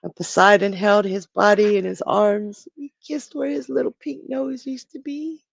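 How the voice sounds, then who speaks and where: A storyteller on a live stream, narrating a myth dramatically, with pauses and restarts. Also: medium pitch, fairly even intonation, gravelly, dry recording.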